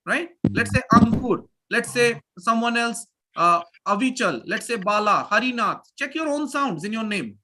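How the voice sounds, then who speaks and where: A man teaching pronunciation in a live online class, energetic and repeating phrases as he drills his students. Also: very high voice, moderate pace, hardly any pauses. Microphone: video call.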